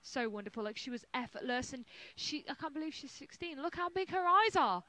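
A woman's voice: sits high, expressive, brisk, hardly any pauses, pushed and bright, no echo, poor audio. A woman giving gushing, emphatic backstage commentary on a dance show, often talking over her co-host.

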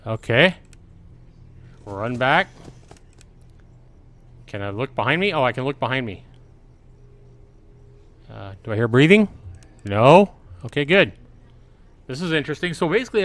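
A man's voice: mid-range voice, fairly bright tone. A middle-aged man giving casual let's-play commentary at home, chatty and reading game prompts aloud. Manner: chatty, reads on-screen game text aloud. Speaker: gaming channel host.

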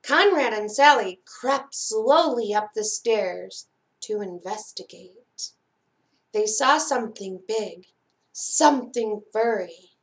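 A woman reads a children's picture book aloud for library storytime, in a fairly high voice. She takes it slowly and expressively, dropping softer at the suspenseful parts. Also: lively intonation. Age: adult.

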